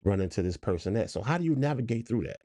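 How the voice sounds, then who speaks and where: A middle-aged man co-hosting a podcast in relaxed, casual chat, posing hypothetical questions and reading out listener comments. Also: fairly low pitch, quick pace, dry recording, clean studio sound. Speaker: podcast co-host.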